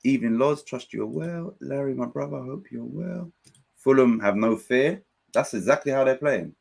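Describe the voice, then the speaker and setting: Excitable man hosting a football watchalong. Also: mid-range voice, normal speed, vocal fry. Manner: excitable, reads out viewer chat. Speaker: watchalong host. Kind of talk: live football watchalong commentary.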